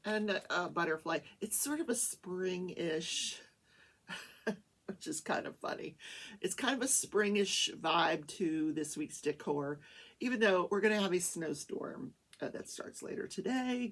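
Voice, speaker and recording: A woman hosting a crafting talk show, chatting in a rambling, animated way from a small home studio. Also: medium pitch, measured pace. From Wichita, Kansas, USA. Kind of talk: casual chat while crafting.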